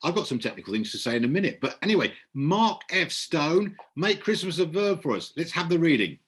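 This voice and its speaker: Jovial husky British host. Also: male voice, on the high side, big pitch swings, fast talker. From Britain. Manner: jovial, teasing. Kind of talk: hosting an online poetry reading.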